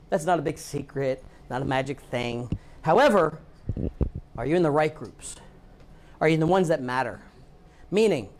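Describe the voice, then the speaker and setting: A man giving a live training talk to a room of real estate agents, lively, acting out what people say. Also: fairly high pitch.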